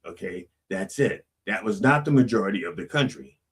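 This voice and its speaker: A man's voice: lowish voice, a little fast, slightly rough. A man hosting a show, walking through song lyrics line by line in a preachy style and checking in with "okay?" as he goes. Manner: lively, preachy, peppered with "okay?". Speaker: host.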